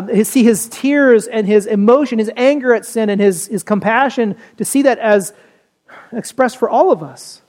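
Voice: medium pitch, a little mellow. A pastor preaching a sermon in a conversational way, often checking in with the listeners with "right?" and "you know".

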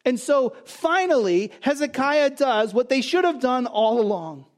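A man's voice: very high voice, very animated, measured pace. A man preaching a sermon, emphatic, asking and answering his own rhetorical questions. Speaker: pastor.

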